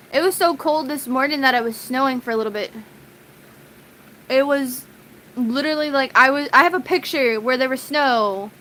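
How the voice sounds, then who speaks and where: A woman's voice: high voice, pushed and bright, a little hiss or hum, poor audio. A woman streamer chatting casually with her viewers, giggling often and greeting people in the chat by name. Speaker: live streamer.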